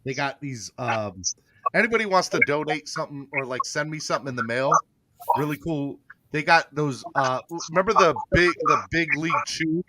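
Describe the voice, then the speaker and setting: A man's voice: fairly high pitch, lively intonation, moderate pace, heavy background noise. A man hosting a casual sports podcast, joking and often stammering through restarts. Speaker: podcast host.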